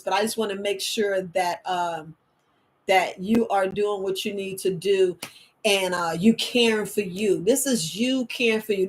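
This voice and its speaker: Higher-voiced woman herbalist vlogging, super chatty and animated, goes loud then quiet. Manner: animated, loose and chatty, swings loud and soft. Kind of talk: casual motivational talk.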